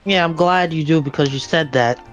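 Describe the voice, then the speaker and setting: A man bantering on a game stream, making teasing deadpan jokes. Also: a little high, moderate pace, soft background music. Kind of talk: casual banter.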